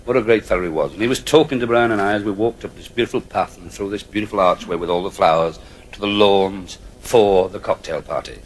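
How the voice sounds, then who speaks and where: A man's voice: on the low side, quick pace. An older man telling comic anecdotes as an after-dinner speaker, a wry raconteur who chuckles at his own stories. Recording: noisy live recording.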